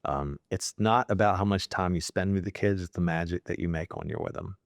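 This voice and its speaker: A man's voice: low-pitched, fairly quick, creaky, dry recording, clean studio sound. A middle-aged man, a company CEO, talking in a sit-down interview, rambling with fillers and growing emotional about his family.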